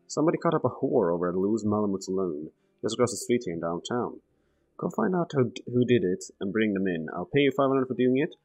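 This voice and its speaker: A man voicing a gruff small-town sheriff by reading the game's dialogue aloud. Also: lowish voice, very animated, fast, a little mellow, lo-fi sound. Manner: reads game dialogue aloud.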